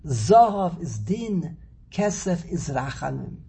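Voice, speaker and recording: Gravelly man running a slow, playful classroom lecture; husky edge. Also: fairly high pitch. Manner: slow, animated, teasing, repeats words while thinking. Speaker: Torah teacher. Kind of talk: classroom lecture on Hebrew grammar and verses.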